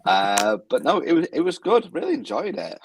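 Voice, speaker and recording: A man's voice: sits high, big pitch swings, moderate pace, husky, dry recording. A British man co-hosting a podcast in casual chat, rambling and restarting his sentences. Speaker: podcast co-host.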